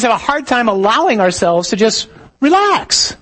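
A man's voice: very high voice, big pitch swings, moderate pace, fairly bright tone, low-quality recording. A man, a priest, giving a conversational teaching talk to a live audience, with jokes and stories along the way. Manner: conversational, joking, tells stories.

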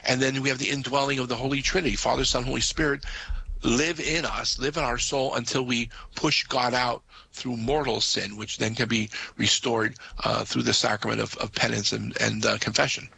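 A man's voice: medium pitch, steady tone, moderate pace, gravelly, bright, forceful tone, husky, low-quality recording. A man, a Catholic priest, patiently explaining doctrine to listeners on a call-in radio show, with frequent "uh" fillers.

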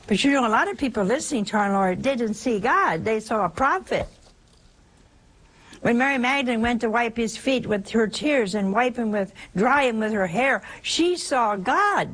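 A woman preaching a sermon in an animated way, with many rhetorical questions and little acted-out exchanges. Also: on the high side, normal speed.

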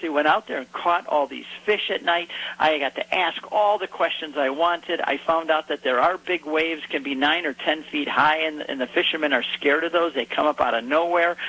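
A man, a guest on a radio talk program, telling a story in an animated way and putting on voices for the people he quotes. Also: on the high side, breathy edge, low-quality recording. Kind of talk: storytelling conversation.

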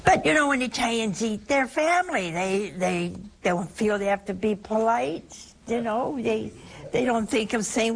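Gravelly older woman preaching chattily. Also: on the high side, expressive, a little slow, slight background noise, poor audio. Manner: chatty, storytelling, emphatic with laughs. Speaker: religious broadcast speaker. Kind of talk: televised religious talk.

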